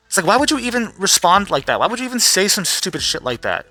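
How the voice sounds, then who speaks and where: A man rants bluntly and sarcastically into the camera, with lots of swearing. His voice is bright and sits fairly high, with faint music underneath. He sounds worn out. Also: sing-song, quick pace, hardly any pauses, dry recording. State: tired. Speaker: vlogger. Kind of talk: casual profane rant.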